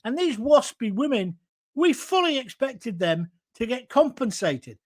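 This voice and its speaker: A man's voice: very high-pitched, big pitch swings, a little slow. A man hosting his own show, delivering a combative, sarcastic political rant. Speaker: host.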